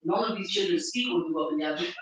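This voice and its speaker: A woman hosting a live community event, speaking to an audience at a venue through a stand microphone, pausing often with fillers and restarts. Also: fairly low pitch. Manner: halting, with many fillers and restarts. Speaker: event organizer and host. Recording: very echoey hall, mic far off.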